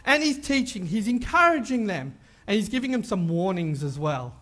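A man preaching a sermon in a chatty way, checking in with his listeners again and again. His voice is very high for a man and swings widely from low to high. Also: very animated, moderate pace, a bit bright. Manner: conversational, keeps checking in with "right?". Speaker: pastor.

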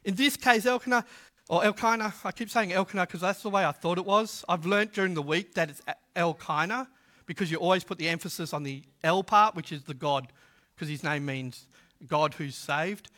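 A man preaching a sermon in a humorous, conversational way, swinging from loud to hushed. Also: on the high side, a little fast. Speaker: pastor.

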